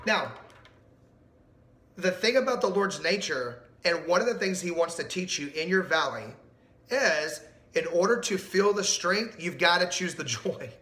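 Male pastor, middle-aged, high bright voice, emphatic sermon delivery, echoey room. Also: unhurried. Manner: animated, emphatic, asks the audience questions.

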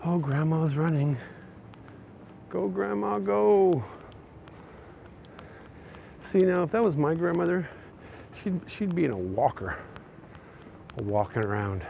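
A Canadian man narrating a casual walking tour of city streets, chatty and excitable. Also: a little high, normal speed, gravelly, long pauses, highs cut off. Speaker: vlogger. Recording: faint outdoor street noise. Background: faint traffic and street noise.

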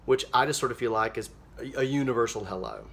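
A man playing a cheerful, naive small-town mom, talking in a folksy, rambling way with many fillers in a deadpan comedic monologue. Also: medium pitch, fast, vocal fry. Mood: chirpy. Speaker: social media show host character.

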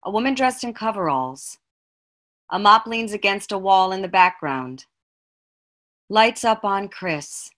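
A woman calmly reads out stage directions between the scenes, her voice at an ordinary middle pitch. The delivery is plain and measured. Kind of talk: scripted narration.

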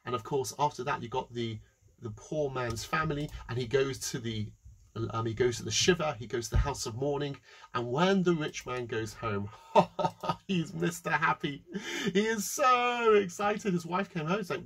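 A man's voice: sits high, expressive, moderate pace, breathy edge. A man teaching a session on giving, telling a story and acting out its voices with animation. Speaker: educator.

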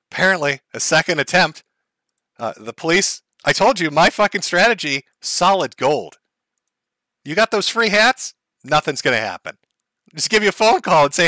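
A man's voice: high voice, sharp tone, dry recording. A man hosting a livestream, giving crude, sarcastic commentary and laughing often. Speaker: livestream host.

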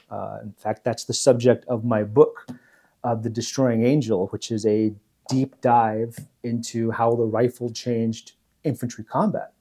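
A man hosting a history video, explaining in a relaxed, measured way with frequent pauses. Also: mid-range voice, breathy edge. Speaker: host.

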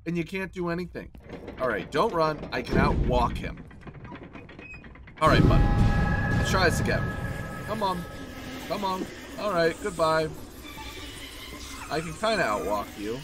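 A man's voice: fairly high pitch, big pitch swings, normal speed, long pauses, heavy background noise. A man hosting a horror game let's play, joking with the enemy and yelping whenever he gets hit. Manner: jokey, talks to the enemy, yelps when hit. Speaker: gaming channel host.

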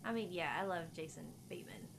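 A woman's voice: lowish voice, expressive, fast, gravelly, background noise. A woman streamer chatting casually with viewers while she plays, laughing often and cooing at her pet. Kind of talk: casual live-stream chat.

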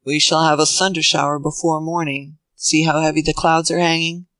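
A reader voicing an old Southern gentleman who speaks gravely and earnestly, in a steady middle pitch. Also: moderate pace, no echo, natural voice, low-quality recording.

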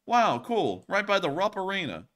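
Guy hosting a show, goofs around and laughs a lot, kinda high voice. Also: huge pitch swings, moderate pace, a bit bright. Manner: joking, laughs often, stammering restarts. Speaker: news show host. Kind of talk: casual banter on a live show.

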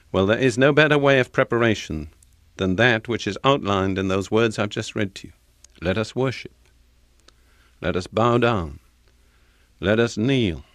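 Older British man teaching scripture, measured. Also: mid-range voice, dry recording. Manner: slow, measured delivery with deliberate pauses; reads scripture with solemn emphasis. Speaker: Bible teacher. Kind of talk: sermon.

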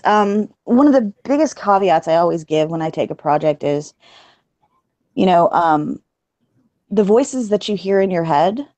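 A woman with a fairly low voice talks casually about her narration work as an interview guest. She is chatty and laughs easily, often poking fun at herself. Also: darkish tone, no echo.

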